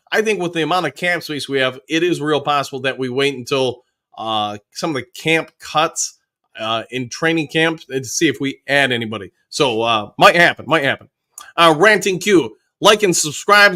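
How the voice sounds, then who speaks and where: A man's voice: fairly high pitch, bright, forceful tone. A man hosting a casual live fan stream, upbeat and joking as he greets viewers in the chat by name. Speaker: host of a fan livestream reading chat.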